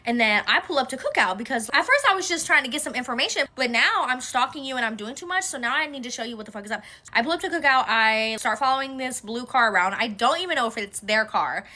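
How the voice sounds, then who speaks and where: A woman telling a personal story in a casual vlog, animated and full of swearing. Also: on the high side, quick pace. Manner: animated, profane, gossipy.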